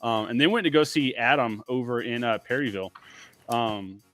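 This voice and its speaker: Soft music plays behind a man with a mid-range, slightly bright voice speaking at normal speed. He's a window tinter appearing as a guest on a casual livestream, laid-back and rambling, with lots of "like" and "man."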